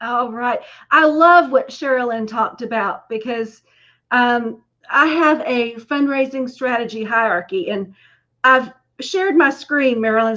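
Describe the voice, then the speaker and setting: A woman with a Southern drawl lays out her ideas slowly and calmly over a video call. Her voice is fairly high, and the call audio sounds dull and lo-fi. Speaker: guest speaker on fundraising.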